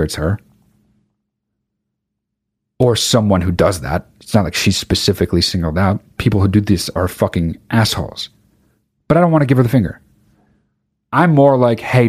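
A young man with a fairly low voice tells a rambling comic story full of swearing and deadpan asides. The recording is dry and close, with no room sound. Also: slightly rough, no room sound. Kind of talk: casual comic anecdote.

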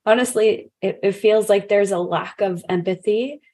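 A woman's voice: medium pitch, normal speed, warm tone, husky. A woman podcast host asking long, thoughtful, rambling questions in a casual interview.

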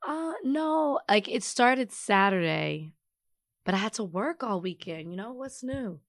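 A woman's voice: mid-range voice, animated, unhurried, no room sound, studio quality. A woman co-hosting a podcast, talking casually while congested and sick. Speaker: podcast co-host. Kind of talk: casual chat.

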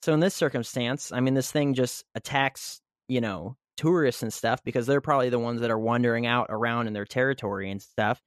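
A man of middle pitch hosts a laid-back podcast. He reads a script aloud and then riffs on it off the cuff. The sound is close and dry. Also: a little fast, hardly any pauses, dry recording. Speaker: podcast host. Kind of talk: casual chat with read-aloud segments.

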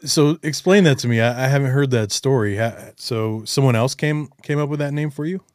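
Smooth-voiced male interviewer. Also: medium pitch, a little fast, no room sound, studio quality. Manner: encouraging, reacts with short affirmations. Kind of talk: conversational interview.

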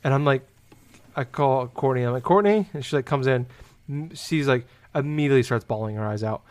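A man's voice: medium pitch, steady tone, a little fast, a little mellow. A young man in casual chat, telling a rambling story that is full of "like" and swearing. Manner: rambling, heavy use of "like", swears freely.

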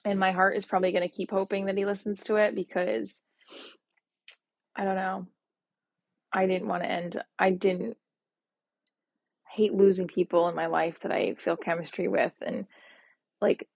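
Husky, gravelly woman in her forties. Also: medium pitch, level tone, measured pace, pauses often, dry recording, studio quality. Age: 40s. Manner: rambling and emotional, with restarts. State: sad and upset. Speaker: podcast host. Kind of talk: personal voice diary monologue.

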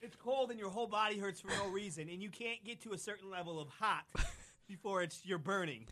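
A man's voice: sits high, fairly quick, bright, forceful tone. A man co-hosting a casual podcast, exclaiming in pain from spicy food. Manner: exclaiming, pained from hot spice. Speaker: co-host.

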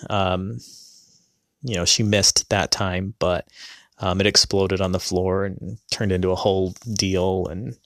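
Low-voiced man telling a story, rambling. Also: flat delivery, unhurried, fairly bright tone, no room sound. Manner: rambling, full of fillers and self-corrections. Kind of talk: personal storytelling to an audience.

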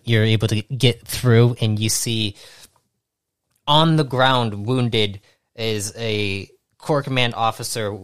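A man running a tabletop game as game master, narrating in a halting way with many restarts. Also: lowish voice, clear, resonant tone, dry recording, studio quality. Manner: halting, restarts often, laughs easily.

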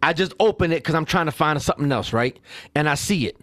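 A man co-hosting a casual podcast, venting with profanity and repeated "right?" checks. His voice sits a little high. The sound is dry and close. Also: fast, no room sound. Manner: animated, profane, ranting with rhetorical "right?". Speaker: podcast co-host. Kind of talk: casual heated chat.

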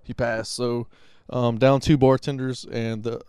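A man's voice: mid-range voice, flat delivery, unhurried, a little mellow, clear, resonant tone, no room sound, clean studio sound. A man co-hosting a casual podcast, telling stories in a rambling way with many fillers and restarts. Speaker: podcast co-host. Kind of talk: casual chat.

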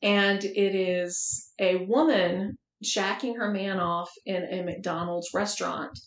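A woman's voice: medium pitch, slow. Frank, laughing woman storyteller. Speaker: podcast host. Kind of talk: casual chat. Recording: roomy echoey room.

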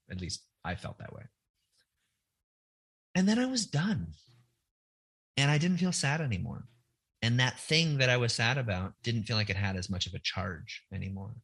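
Speaking in a low, bright voice that's forceful and slightly rough, a middle-aged man tells personal stories candidly. He comes across as reflective and earnest but hesitant, with plenty of fillers and sentences he keeps restarting, in a conversational storytelling style.

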